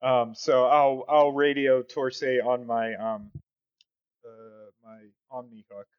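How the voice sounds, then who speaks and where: A man speaking in character at a tabletop game, with slow, halting radio-operator talk. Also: medium pitch, little pitch movement, clean tone. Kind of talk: in-character tabletop role-play. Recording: dull lo-fi sound.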